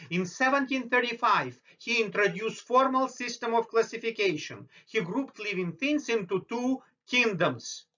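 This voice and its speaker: High, bright-voiced male biology lecturer. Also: muffled recording. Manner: explanatory, slow and deliberate on terms. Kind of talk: recorded lecture over slides.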